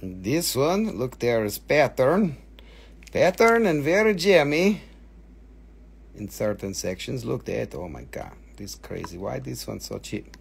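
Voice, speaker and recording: A man hosting a live sales stream, talking with excited, animated patter as he shows and prices each item. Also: mid-range voice, a little slow, creaky, husky.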